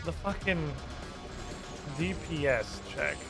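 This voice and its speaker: High, lively, bright-voiced male streamer. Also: slow, vocal fry, music in the background. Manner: excitable, swears casually, baby-talks to a puppy. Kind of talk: casual game streaming chat.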